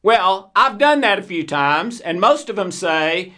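A man's voice: sits high, animated, a little slow, pushed and bright. A man giving an earnest faith-based teaching talk, posing rhetorical questions to his listeners. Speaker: Christian teacher.

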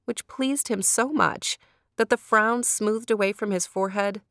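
A woman reading a storybook aloud in a gentle, unhurried, lilting way. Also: mid-range voice, dry recording, studio quality.

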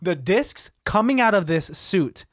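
A podcast co-host in casual movie chat, playful with quick asides. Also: mid-range voice, sing-song, no room sound, clean studio sound.

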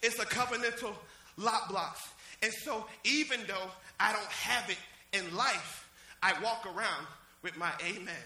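A man preaching an exuberant sermon in church, shouting and laughing as he calls out to members of the congregation by name. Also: sits high, moderate pace. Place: church service. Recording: echoey church with faint music.

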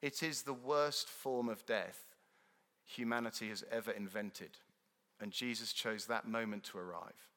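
A man preaching a sermon in a church, earnest and emphatic, swinging between loud declarations and hushed moments. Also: fairly low pitch, measured pace. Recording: long reverb of a large hall.

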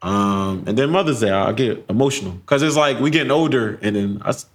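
A man's voice: medium pitch, brisk. A young man co-hosting a podcast in casual chat, telling stories with laughter and acted-out quotes. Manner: animated storytelling, laughing, acts out quotes. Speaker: podcast co-host.

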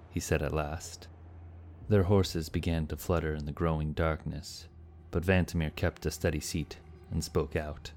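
Deep guy reading a fantasy story, steady and even, low voice. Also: a little slow, a little hiss or hum. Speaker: narrator. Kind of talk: scripted fantasy story narration.

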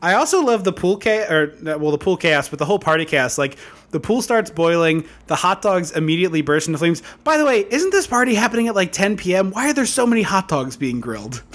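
Sex: man. Role: podcast co-host. Style: casual film-recap chat. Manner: excitable, joking, laughing often. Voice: high and very animated. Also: fast talker.

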